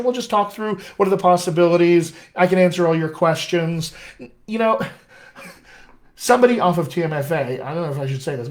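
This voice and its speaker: Brief: American man, dialect coach, upbeat live Q&A, voice on the high side. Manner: chatty, enthusiastic, reads out viewer questions. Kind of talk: live-stream Q&A lesson.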